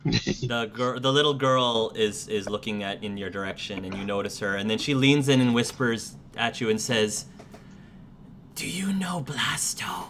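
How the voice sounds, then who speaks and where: A man's voice: lowish voice, normal speed, fairly bright tone, slight background noise. A man narrating a tabletop game as game master, hesitant and full of fillers. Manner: hesitant, many fillers and restarts.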